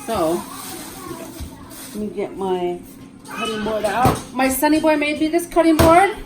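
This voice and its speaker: A woman's voice: a little high, fairly even intonation, unhurried. Woman, casual cooking vlogger, laughs easily, kitchen noise behind her. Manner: chatty, laughing storyteller. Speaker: home cook filming herself. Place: home kitchen. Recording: noisy kitchen recording.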